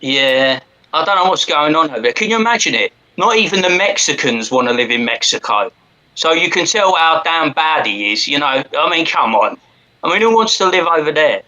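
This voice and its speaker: A man's voice: on the high side, lively intonation, fairly quick, bright, forceful tone, rough recording. Blunt English man, bantering guest. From England. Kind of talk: casual livestream chat.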